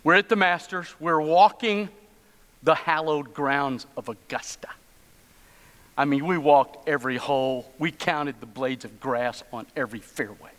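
Bright-voiced man preaching in a reverberant church. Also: fairly high pitch, a little slow. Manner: storytelling with humorous asides. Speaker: pastor. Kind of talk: sermon. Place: church sanctuary.

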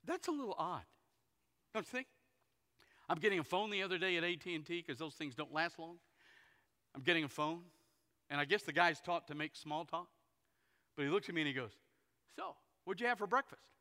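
A pastor preaching a sermon, telling stories folksily and acting out the characters. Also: male voice, a little high, brisk, long pauses, pushed and bright. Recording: long hall reverb.

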